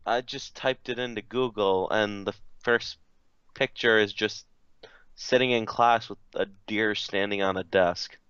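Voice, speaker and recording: Low-voiced young man stammering dryly. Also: steady tone, unhurried, a bit bright, clear, resonant tone, no room sound, lo-fi sound. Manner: hesitant, stammering restarts, dry. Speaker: podcast co-host. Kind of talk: casual chat.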